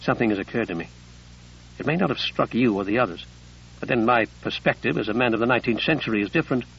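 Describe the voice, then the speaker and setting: Earnest, curious 19th-century gentleman read by a male narrator; gravelly tone, slightly dull lo-fi audio. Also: medium pitch, lively intonation, quick pace, recorded from a distance, slight background noise, voice pushed down.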